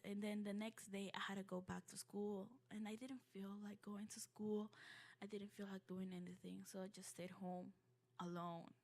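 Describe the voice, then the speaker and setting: Young woman from ecuador telling her own story, kinda halting and heartfelt, lots of ums and restarts, normal mid voice. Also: medium pitch, gravelly, a little mellow. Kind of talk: personal storytelling.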